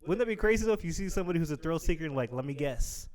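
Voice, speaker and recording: Brief: male podcast guest, slightly high voice, very lively delivery, acts out scenes with laughter. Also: racing. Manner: animated, laughs often, acts out dramatic scenarios. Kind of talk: casual podcast chat.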